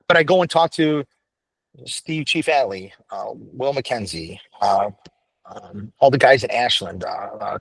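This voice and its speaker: A man's voice: mid-range voice, a bit bright, no echo. A man guest on a casual podcast interview, talking bluntly and profanely, rambling with many restarts. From United States. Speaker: firefighter paramedic guest.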